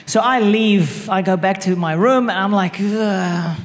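A man's voice: sits high, moderate pace. A man telling a humorous, self-mocking story about his marriage to an audience. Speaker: speaker sharing a marriage story. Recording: echoey hall.

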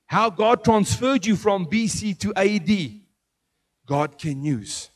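High-voiced man preaching a sermon. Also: slow pace. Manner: animated, asks the audience questions.

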